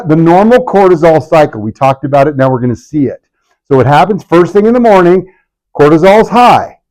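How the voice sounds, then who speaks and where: A man giving a lively health workshop to a live audience, asking the room questions and acting out patients' complaints in a jokey way. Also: fairly high pitch, poor audio. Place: clinic event room.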